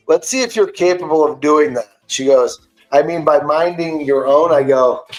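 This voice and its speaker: A podcast host, a man, retelling an online argument in a casual, animated and profane way. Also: on the high side, reverberant, low-quality recording. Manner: animated, profane, indignant storytelling.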